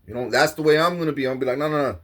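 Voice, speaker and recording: A man giving a profane, animated comedic rant, boasting and acting out scenes. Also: mid-range voice, racing. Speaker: vlogger.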